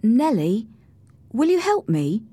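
A woman voicing a sullen, proud boy who is quick to anger, speaking stubbornly in a storybook reading. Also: fairly high pitch, very animated, mellow, breathy edge, no echo, pitched above the performer's own voice, full character voice. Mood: pleading. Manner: stubborn, raised voice.

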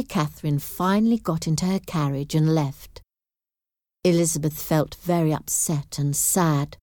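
A woman narrating a storybook in a clear, measured reading. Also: deep voice, fairly even intonation, warm tone, no echo, clean studio sound.

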